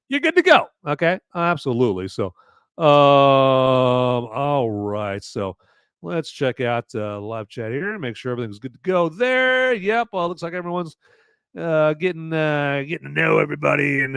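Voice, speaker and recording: A man's voice: medium pitch, lively intonation, normal speed, gravelly, a bit bright, clean tone, no echo. A man hosting a live movie review podcast, rambling casually with many fillers and swearing. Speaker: podcast host.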